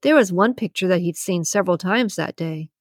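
A woman narrating a romance audiobook in a steady, even storytelling manner. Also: lowish voice, brisk, dry recording, clean studio sound. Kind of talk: scripted narration.

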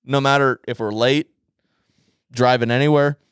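A man's voice: mid-range voice, steady tone, normal speed, clear, resonant tone, dry recording, studio quality. A young man in casual podcast chat, rambling through a funny story, swearing and laughing often. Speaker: podcast co-host.

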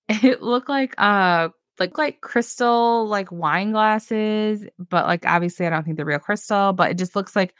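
A woman's voice: medium pitch, unhurried, a bit bright, dry recording, clean studio sound. A woman co-hosting a casual podcast, recapping a reality show, chatty and laughing often as she retells scenes.

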